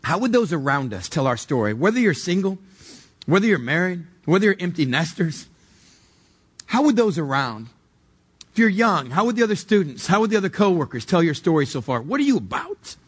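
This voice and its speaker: A man's voice: high-pitched, very animated, fairly quick, breathy edge. A male pastor delivering a sermon in a conversational, emphatic way, asking the congregation direct questions.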